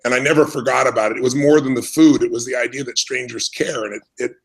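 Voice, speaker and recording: A man's voice: medium pitch, steady tone, fast talker, husky, low-quality recording. A middle-aged American man telling his life story as an interview guest, earnest and reflective, often restarting his sentences. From United States. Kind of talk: conversational storytelling.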